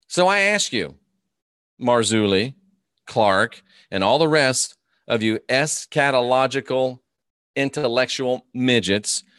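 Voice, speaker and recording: A man with a mid-range, fairly bright voice hosts a live stream in clean studio quality with no echo. He rants and mocks his opponents in a combative way while reading viewer comments aloud.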